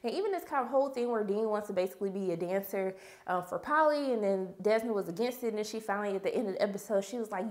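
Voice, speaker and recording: A woman's voice: mid-range voice, fast. A young woman, casually recapping a TV episode and acting out the characters' lines. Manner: animated storyteller, acts out characters' lines. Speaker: TV review vlogger.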